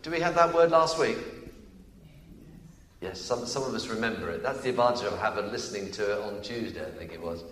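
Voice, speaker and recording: A man preaches a sermon with a lively, swinging delivery, his voice rising on declarations and dropping into quick asides. His pitch sits in a middle register. The recording carries the long reverb of a roomy church hall. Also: a little hiss or hum. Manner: animated, emphatic, swings between loud declarations and quick asides.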